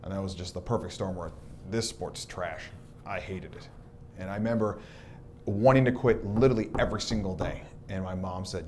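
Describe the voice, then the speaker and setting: A man's voice: fairly low pitch, brisk, slight background noise. A man from Southern California, recounting his youth in an interview and acting out the dialogue as he tells it. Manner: lively storyteller who acts out quoted dialogue. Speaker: documentary subject. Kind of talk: reminiscing interview.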